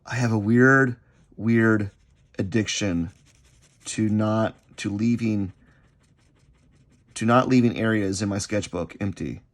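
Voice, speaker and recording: A man chatting unscripted while he sketches, rambling and halting, often repeating himself as his thoughts drift. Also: fairly low pitch. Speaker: artist vlogger.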